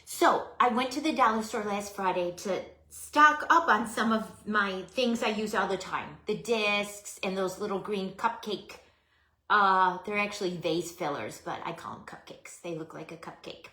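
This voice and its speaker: A woman's voice: medium pitch, normal speed, bright, forceful tone, roomy sound. A middle-aged woman hosting a casual craft livestream, chatting to viewers by name and laughing at herself.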